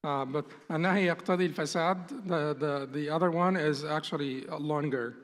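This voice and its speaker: A male instructor lectures a class quickly in a fairly high voice, the sound carrying a big-room quality. He explains patiently, often rephrasing and restating his terms and points.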